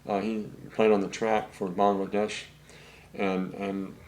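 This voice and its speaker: An older man, a session saxophonist, telling rambling anecdotes in a relaxed interview, full of fillers. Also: fairly low pitch, measured pace, slight background noise. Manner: rambling anecdotes with many fillers, acts out quotes.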